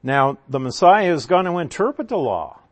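A man's voice: fairly high pitch, big pitch swings, moderate pace. A man preaching a sermon, teaching from scripture in a conversational, emphatic way with rhetorical questions.

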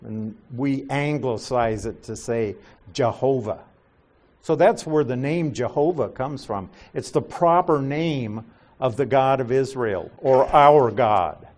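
A man's voice: mid-range voice, slow pace, a little mellow. A man teaching a Bible study verse by verse, explaining the text and asking his listeners questions.

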